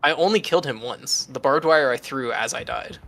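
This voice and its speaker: A man's voice: mid-range voice, a little fast, creaky, a crowd in the background. A man in casual voice chat while gaming, chatty and teasing. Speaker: gamer. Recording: game sounds behind.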